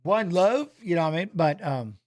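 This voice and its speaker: A man's voice: high-pitched, expressive, normal speed, darkish tone. A man hosting a live fight watch-along in a loose, rambling chat, reading out fighter stats and talking to viewers. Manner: frequent "you know what I mean" tag.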